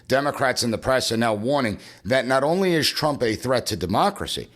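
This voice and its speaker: A man's voice: mid-range voice, animated, fairly quick, a bit bright. A man hosting a political commentary podcast in an emphatic, punchy way, repeating phrases for effect. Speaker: podcast host and professor.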